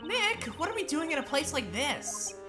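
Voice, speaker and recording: A woman's voice: high voice, very animated, moderate pace, over music, pitched above the performer's own voice. A woman voicing a spunky, cheerful young female sidekick. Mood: perky.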